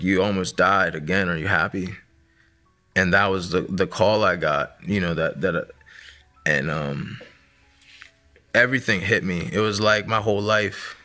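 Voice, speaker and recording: Bright-toned man telling his testimony. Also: low-pitched. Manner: conversational, many fillers like "like" and "man". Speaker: guest sharing a testimony. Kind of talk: casual personal testimony.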